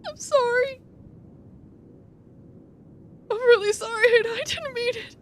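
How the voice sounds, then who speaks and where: A woman's voice: very high-pitched, brisk, voice pushed up. A woman voicing an anxious young man in a game, sobbing and apologizing over and over. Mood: tearful. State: crying. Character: anxious young man, guilt-ridden and tearful.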